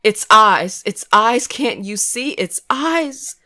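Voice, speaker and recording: A woman's voice: on the high side, lively intonation, slow pace, pushed and bright, pitched above the performer's own voice, heavily acted. A woman voicing a terrified teenage girl who is sobbing and pleading in a panic. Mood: hysterical.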